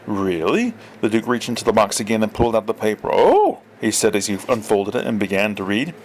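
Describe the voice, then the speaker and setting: A man reading absurdist comic fiction aloud, deadpan and expressive. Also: on the low side, quick pace, a little hiss or hum. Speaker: storyteller.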